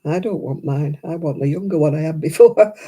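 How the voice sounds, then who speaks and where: Crocheting at her table at home, this older Oldham woman chats casually with live viewers in a deep, dark, slightly rough voice. Her Lancashire accent is thick, and she's opinionated and quick to laugh as a crochet livestream host.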